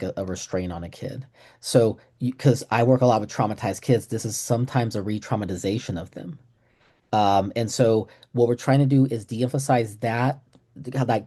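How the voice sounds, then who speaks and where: In a lighthearted webinar on a video call, a middle-aged man from Texas teaches clinicians, cracking jokes about himself and imitating the people he quotes. His voice is on the low side with a dark tone.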